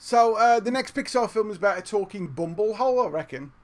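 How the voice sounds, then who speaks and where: High-voiced man telling anecdotes. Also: lively intonation, fairly quick. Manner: rambling anecdotes, chuckles. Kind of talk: storytelling comedic banter.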